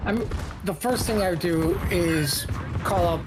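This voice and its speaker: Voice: medium pitch, a little slow, noisy background. A co-host joking sarcastically in casual livestream chat.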